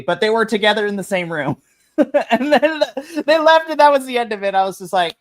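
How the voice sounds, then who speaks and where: A man's voice: high voice, a little fast. Male, podcast host, casual chat, news recap, laughing, filler-heavy, remote mic. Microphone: remote stream mic.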